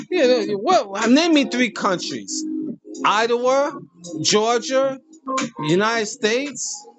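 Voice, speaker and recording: Animated man in a crude comic rant. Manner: animated, swings from high outbursts to slow low drawl; crude, mocking, laughs at own jokes. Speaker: host. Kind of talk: comedic rant to camera.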